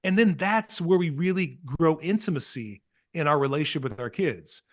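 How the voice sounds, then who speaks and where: A man guest on a podcast, telling parenting stories with earnest, animated energy and acting out what others said. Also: on the high side, moderate pace. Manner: earnest, animated storytelling, acts out quotes. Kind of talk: casual podcast conversation.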